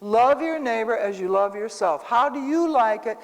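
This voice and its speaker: Animated woman preaching in a big hall. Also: fairly high pitch, normal speed. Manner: animated storytelling, talks to the room. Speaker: Bible teacher. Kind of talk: casual sermon with personal stories. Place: church hall. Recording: reverberant church hall.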